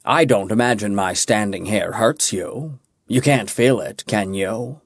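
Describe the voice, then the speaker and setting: A man playing a cruel male dwarf villain who speaks slowly, quietly and menacingly. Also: lowish voice, slightly rough, no room sound, studio quality. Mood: taunting.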